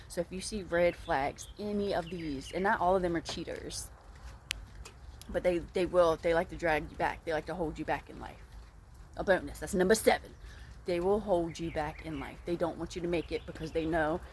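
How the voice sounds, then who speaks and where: A woman's voice: fairly low pitch, a little hiss or hum. A woman talking straight to camera in a casual advice vlog, blunt and emphatic, repeating points for emphasis. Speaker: vlogger.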